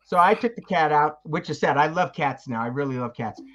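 Older male veteran, rambling storyteller, slightly high voice, dull lo-fi recording. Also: expressive, a little fast, fairly bright tone. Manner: rambling anecdotes, acts out quoted voices. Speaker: guest, veteran. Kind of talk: casual storytelling.

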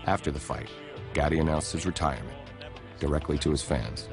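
A man giving measured, grave scripted narration for a sports documentary. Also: very deep voice, fairly even intonation. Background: music.

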